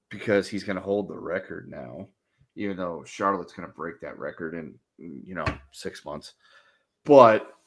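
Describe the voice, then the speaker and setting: A man's voice: lowish voice, fairly bright tone. A man co-hosting a podcast, giving exasperated, rambling opinions in casual chat. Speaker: podcast co-host.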